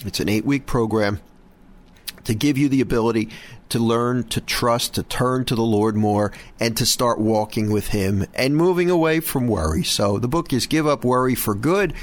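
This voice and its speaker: A man's voice: mid-range voice, moderate pace. A middle-aged man hosting a Catholic radio program, talking earnestly with frequent restarts and repeated words. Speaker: host of a Catholic radio show. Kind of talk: prayer and casual show talk.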